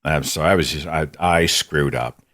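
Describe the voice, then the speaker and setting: A man's voice: rumbling low, moderate pace, fairly bright tone. A man hosting a podcast, telling a personal story in a candid, self-critical, conversational way. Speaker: podcast host. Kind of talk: reflective personal storytelling monologue.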